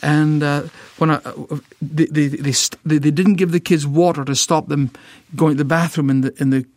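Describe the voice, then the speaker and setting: A man's voice: a little high, fairly even intonation, normal speed, a little mellow, no room sound. A middle-aged Scottish man telling an emotional personal testimony, stammering and repeating words as he tells it vividly. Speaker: ministry founder, guest.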